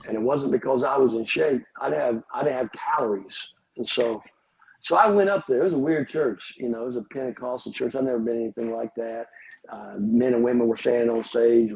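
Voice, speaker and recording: A man's voice: medium pitch, a little fast, gravelly, darkish tone, breathy edge, low-quality recording. A middle-aged pastor, telling his life story as a podcast guest with humorous, wry asides.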